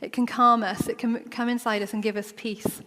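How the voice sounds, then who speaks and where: A woman's voice: on the high side, flat delivery, brisk, bright, forceful tone. A woman preaching a sermon in a church, talking in a conversational way and acting out the quoted voices. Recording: long church reverb.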